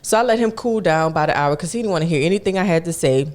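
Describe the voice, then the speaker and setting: Very fast and a little high-pitched, a young man relates a job story on his podcast. He keeps it casual and lively, performing the voices of the people involved.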